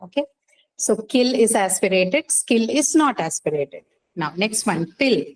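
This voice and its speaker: A woman's voice: mid-range voice, expressive, unhurried, rough recording. A woman teaching English pronunciation in a class, quizzing students patiently with many fillers and questions. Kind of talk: online class lecture.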